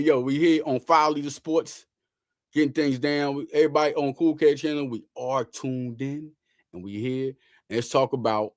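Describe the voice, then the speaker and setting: A man's voice: mid-range voice, darkish tone, no room sound, clean studio sound. A man hosting a casual sports talk show, emphatic and slangy, repeating lines for effect.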